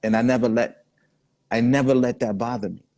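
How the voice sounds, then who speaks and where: A man's voice: mid-range voice, steady tone, a little fast, darkish tone, no echo. A man, the guest in a casual interview, telling laid-back stories full of quoted dialogue. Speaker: guest artist.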